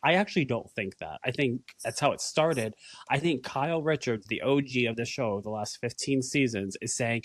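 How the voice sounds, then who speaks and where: A man co-hosting a casual recap podcast, talking in an animated way, swearing and acting out quotes. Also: mid-range voice, moderate pace, no echo. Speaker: podcast co-host.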